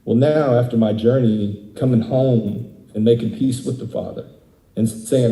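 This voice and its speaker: A man's voice: medium pitch, steady tone, normal speed, warm tone, roomy sound, rough recording. A man giving a candid, conversational sermon as a guest speaker, laughing often as he talks. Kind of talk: interactive sermon. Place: church hall.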